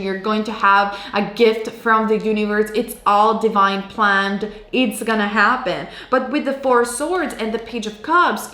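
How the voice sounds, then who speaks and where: A woman's voice: a little high, fairly bright tone. Reassuring woman reading tarot, roomy. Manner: emphatic, reassuring, repetitive. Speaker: tarot card reader. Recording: roomy echo.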